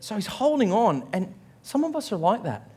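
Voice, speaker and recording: A man's voice: high-pitched, moderate pace, slightly rough. A man with an Australian accent preaching a sermon as a pastor, telling funny family stories and acting out voices as he goes. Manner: animated storytelling, acts out quotes in a raised voice; self-mocking humor, laughs while telling stories.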